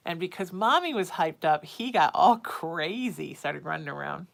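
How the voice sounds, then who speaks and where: A woman's voice: on the low side, animated, moderate pace, creaky. A woman psychic hosting a casual livestream from home. She chats with viewers and coos sing-song baby talk to her cat.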